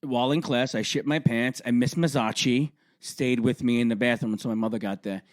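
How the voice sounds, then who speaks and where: A man's voice: medium pitch, fairly even intonation, brisk, no echo, clean studio sound. Crude, swearing young man on a podcast. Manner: crude, swearing, boisterous banter. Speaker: podcast co-host. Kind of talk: casual chat.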